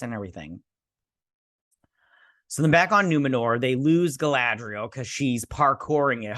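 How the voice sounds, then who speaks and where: A man's voice: medium pitch, lively intonation, a little fast, a bit bright, dry recording, studio quality. A man hosting a casual episode review, rambling and sarcastic, acting out the characters' lines as he recaps. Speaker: host.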